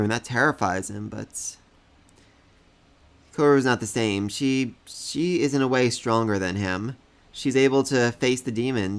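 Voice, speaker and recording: A man giving casual review commentary on a comic chapter, enthusiastic, often laughing and repeating words when excited. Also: medium pitch, clear, resonant tone.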